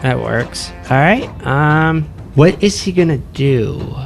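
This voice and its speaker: A man's voice: a little high, animated, takes it slowly, vocal fry, soft background music. A man narrating a tabletop game as game master, laid-back and describing combat results.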